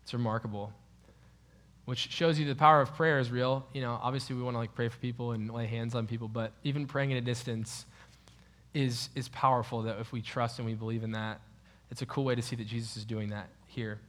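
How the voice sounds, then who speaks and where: A man teaching a Bible passage in a relaxed, conversational way, with frequent fillers and restarts. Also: medium pitch, brisk. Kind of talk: casual Bible study teaching.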